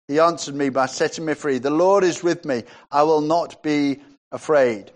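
Guy giving a sermon, fairly high voice, reads bible verses out and gets higher when he pushes a point. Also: normal speed. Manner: reads scripture aloud, rising in pitch when stressing points. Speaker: preacher.

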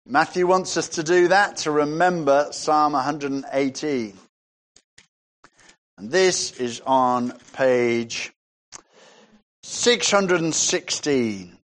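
A man preaching a sermon, reading scripture passages aloud and rising in pitch when he stresses a point. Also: slow, long pauses, fairly bright tone.

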